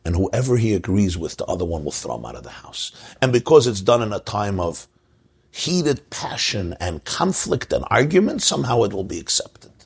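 With a fairly low, slightly rough voice, a Jewish religious teacher delivers a sermon that includes a told joke, narrating it and pulling a lesson out of it. He is very animated, speaks at a moderate pace, and rises to emphasis.

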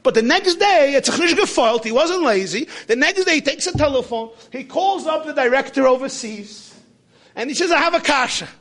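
High-voiced, dramatic male preacher. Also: animated, moderate pace. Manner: dramatic swings between shouts and hushed asides; sprinkles in Hebrew and Yiddish terms. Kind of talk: sermon with storytelling.

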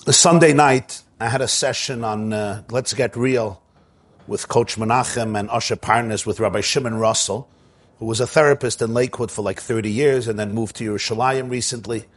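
A man's voice: mid-range voice, steady tone, moderate pace. A man preaching a sermon in an impassioned, repetitive storytelling manner.

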